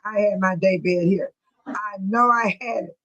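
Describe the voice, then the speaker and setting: A woman's voice: mid-range voice, measured pace, a bit bright, lo-fi sound. A middle-aged woman hosting a casual live stream, chatting with her viewers and laughing often as she reads their comments.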